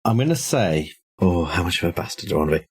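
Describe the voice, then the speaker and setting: A man running a tabletop horror game as game master, narrating in a measured, descriptive way with small hesitations. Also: low voice, very animated, a little mellow.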